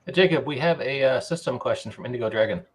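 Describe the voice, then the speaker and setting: Brisk male podcast host. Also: mid-range voice, husky. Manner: brisk, relays questions to the guest. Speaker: podcast host reading listener questions. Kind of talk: casual podcast chat.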